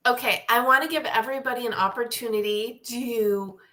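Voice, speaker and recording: A woman's voice: on the high side, brisk, bright, forceful tone. A woman hosting a casual talk show over a video call, steering the conversation and reading out listener comments. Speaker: host. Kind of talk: casual chat.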